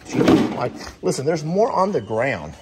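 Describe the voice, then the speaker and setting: A man's voice: on the high side, wildly swooping pitch, normal speed, heavy background noise. A man talking through a casual farm vlog outdoors, chatting with his animals. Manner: chatty, talks softly to the animals. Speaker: farm vlogger.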